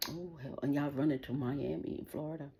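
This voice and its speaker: A woman's voice: low voice, fairly even intonation, a little fast, gravelly, a little mellow, slight background noise. A middle-aged woman hosting a livestream, delivering an angry, profane, taunting rant straight at the people she is addressing. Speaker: livestream host.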